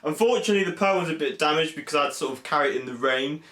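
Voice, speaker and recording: A young man from England chatting excitedly in a casual vlog, full of fillers and animated asides. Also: on the high side, very fast. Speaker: vlogger. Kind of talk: casual convention recap vlog. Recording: echoey room.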